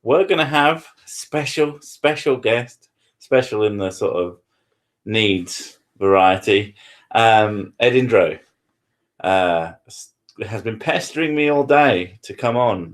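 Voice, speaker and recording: A man's voice: fairly low pitch, animated, takes it slowly. A man, hosting a live stream from his living room with crude, self-mocking banter. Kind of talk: casual live-stream chat.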